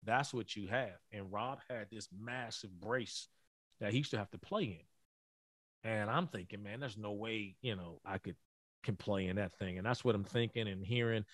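Speaking in a lowish voice with no echo, a middle-aged man tells a heartfelt story in a podcast interview. He's a former college basketball player, and his delivery often halts and repeats words.

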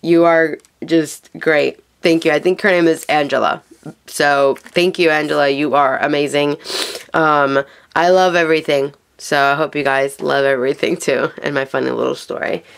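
A woman with a slightly low voice talks casually through a craft haul on her vlog. She is sick with a cough, and she gushes and rambles with plenty of fillers. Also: fairly even intonation, normal speed, vocal fry, smooth. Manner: chatty and gushing, full of fillers.

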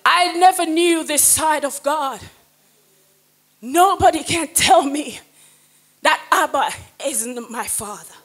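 High bright-voiced woman preacher, slow deliberate delivery, drops to a hush then shouts. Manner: impassioned, swings from hushed to shouted praise. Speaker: evangelist. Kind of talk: sermon with personal testimony.

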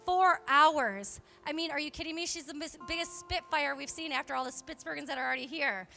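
A young woman, a pastor's wife, preaching a charismatic sermon in church, exhorting fervently and swinging between loud calls and hushed confessions. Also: high-pitched, a little fast, vocal fry. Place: church sanctuary.

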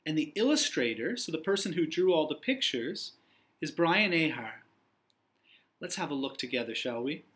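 A young man, a teacher, reading a picture book aloud to young children in an encouraging, expressive way. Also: on the high side, normal speed.

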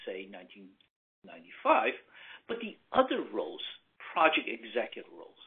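A man presenting on management roles in a measured, emphatic way, pausing with fillers. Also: medium pitch. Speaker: consulting firm executive presenting. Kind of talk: webinar presentation. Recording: tinny phone-like line.

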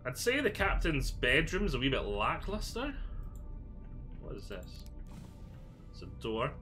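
A man's voice: mid-range voice, huge pitch swings, measured pace, sharp tone, faint music behind. A Scottish man giving a chatty, jokey walkthrough of a video game, thinking aloud as he goes. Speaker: gaming video creator. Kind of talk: casual game walkthrough commentary.

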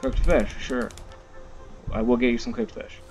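A man's voice: mid-range voice, unhurried, darkish tone, close to an everyday voice. A man voicing a friendly male skeleton adventurer in a video game, reading the lines plainly, with game music behind. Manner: plain, reading dialogue aloud.

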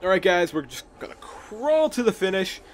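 A young man casually commenting while playing a video game, chatty and jokey with quick reactions. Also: high-pitched, sing-song. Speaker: gaming video host. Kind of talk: casual let's play commentary.

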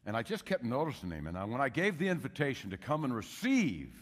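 An older man preaching a sermon, telling a story with loud emphasis and hushed asides. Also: medium pitch, huge pitch swings, a little fast, few pauses. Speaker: pastor. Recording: long hall reverb.

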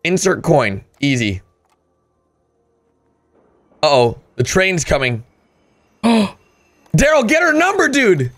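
Lively high-voiced man reacting, unhurried. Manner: excitable, bursts into loud laughter and gasps. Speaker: host. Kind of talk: casual reaction commentary.

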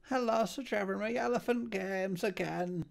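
A man voicing a fussy, bossy sidekick with a high, prim voice. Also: moderate pace, gravelly. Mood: prim fussing. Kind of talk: comedic let's-play banter.

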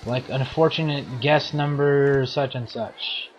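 A man's voice: mid-range voice, fairly even intonation, slow pace, highs cut off. A man with a scratchy throat giving playful, silly commentary while playing a game. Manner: playful, silly self-narration. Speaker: let's play host.

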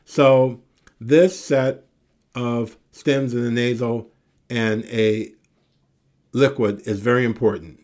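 A man giving a recorded Greek lesson, reciting word forms slowly and deliberately and encouraging his students. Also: medium pitch, fairly even intonation, a little mellow. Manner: encouraging sign-off. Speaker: Greek teacher.

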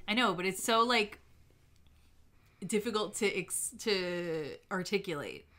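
A woman's voice: medium pitch, expressive, measured pace, bright, forceful tone. A woman co-hosting a podcast in casual chat, laughing often and filling her talk with "like.". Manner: chatty, giggly, lots of "like". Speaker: podcast co-host.

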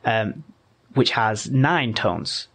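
A man's voice: mid-range voice, animated, drawn-out words, a bit bright, breathy edge. A man, a podcast guest, explaining patiently in a casual conversation, often restarting his sentences.

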